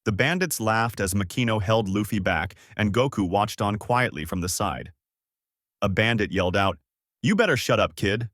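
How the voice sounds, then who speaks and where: A man's voice: lowish voice, normal speed, dry recording. A man narrating a fan-made story for his channel in a casual storytelling voice, close to the mic. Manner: lively storytelling.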